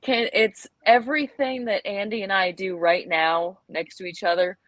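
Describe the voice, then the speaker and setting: A woman, a comics creator on a podcast, telling animated, jokey stories and laughing often. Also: medium pitch, normal speed, no room sound. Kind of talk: casual podcast chat.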